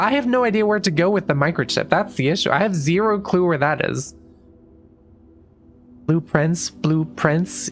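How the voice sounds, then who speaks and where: A woman streaming a puzzle game, talking through her moves in loose, casual commentary and restarting her sentences often. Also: low voice. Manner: thinks aloud, restarts sentences, swears casually.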